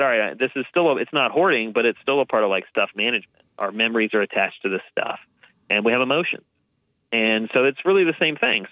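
Guy on a tinny phone line telling stories, lively, acts out voices, dry sound. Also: mid-range voice, no echo. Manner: lively storyteller, acts out quoted voices, says "man" and "dude". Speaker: guest, downsizing and hoarding cleanup expert. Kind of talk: casual interview storytelling.

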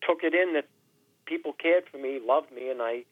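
A man in his sixties, a radio guest, speaking haltingly and emotionally, repeating words and with his voice sometimes breaking. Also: fairly high pitch, dry recording. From New Hampshire. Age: 60s. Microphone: telephone. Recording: tinny phone line.

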